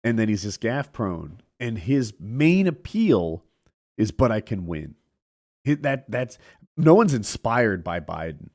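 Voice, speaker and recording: A man chatting casually about politics on a podcast, animated and laughing easily. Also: mid-range voice, measured pace. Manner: animated, laughs often, trails off.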